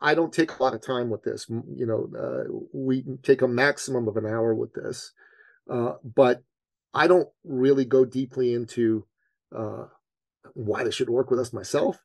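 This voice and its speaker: A man, a business coach, telling a personal story on a podcast in an earnest, animated way that leans on his faith. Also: mid-range voice, moderate pace, no echo. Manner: animated storyteller, acts out his own panic.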